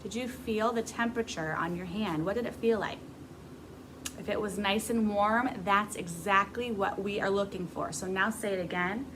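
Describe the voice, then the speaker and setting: A woman's voice: mid-range voice, normal speed, noisy background. Woman teaching a beginner music lesson. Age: adult. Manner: patient, encouraging, demonstrating.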